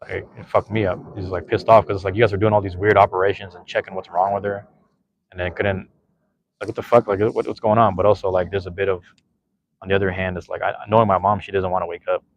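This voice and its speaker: A man's voice: low voice, little pitch movement, fast talker, muffled recording. A man in his thirties, a podcast host, rambling and swearing casually while reading chat, with many restarts.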